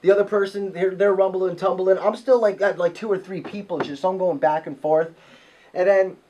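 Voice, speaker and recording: A high-pitched male voice, well above the usual range for a man, carries this casual podcast storytelling. He is profane and excitable, piling on detail as the story builds. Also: normal speed, muffled recording, a little hiss or hum. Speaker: podcast host.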